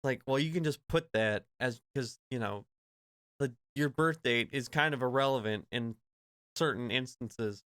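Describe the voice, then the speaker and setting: A man's voice: medium pitch, moderate pace, fairly bright tone, smooth, dry recording. A man streaming a sarcastic, joking reaction to an interview clip, laughing and swearing as he talks. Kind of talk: casual reaction commentary.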